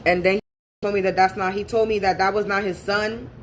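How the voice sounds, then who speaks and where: A woman's voice: medium pitch, flat delivery, brisk, a little hiss or hum. A woman telling a personal story in a casual, blunt and profane way, repeating points for emphasis. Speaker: spiritual reader and channel host.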